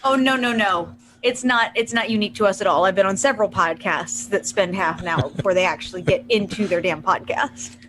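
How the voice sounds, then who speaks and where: A woman's voice: mid-range voice, fairly quick, noisy background. Woman explaining things on a podcast. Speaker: podcast co-host. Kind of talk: casual chat.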